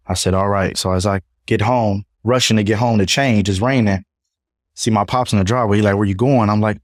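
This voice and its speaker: A young man, a podcast guest, telling his own story in a casual, animated way and acting out what others said. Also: lowish voice, fast, no room sound, clean studio sound. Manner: animated retelling, acts out others' voices.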